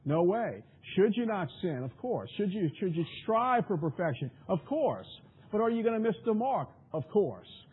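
A man's voice: high voice, sing-song, normal speed, breathy edge, narrow, tinny audio. A man preaching a sermon with emphatic delivery and frequent rhetorical questions.

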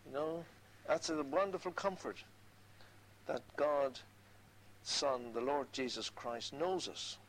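Older guy preaching, kinda high voice, reads the verses slow, faint hiss behind. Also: rough recording. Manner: reads scripture slowly, conversational asides. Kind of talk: sermon.

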